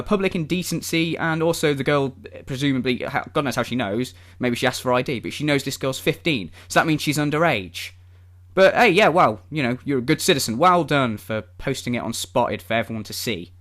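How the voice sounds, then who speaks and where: A man's voice: on the high side, fairly bright tone. A man ranting in a vlog, sarcastic and exasperated, swearing often. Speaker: vlogger.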